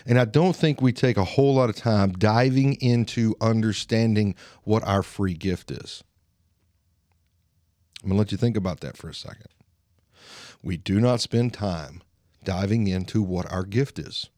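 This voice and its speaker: A man in his late thirties from Alabama, with a Southern twang, giving an earnest, slow motivational monologue as a podcast host, pausing for emphasis. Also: fairly low pitch, dark tone, dry recording, studio quality. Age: 30s.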